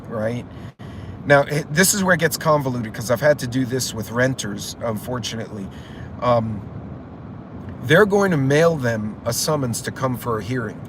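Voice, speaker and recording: A man's voice: medium pitch, noisy background. A middle-aged man hosting a casual livestream, telling stories in a rambling, profane way. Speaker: channel host.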